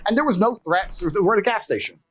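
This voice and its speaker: A man's voice: sits high, lively intonation, fast, background noise. A man guesting on a podcast interview, telling stories in a brash, swaggering way, swearing freely and laughing between his boasts. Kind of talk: casual storytelling in a podcast interview.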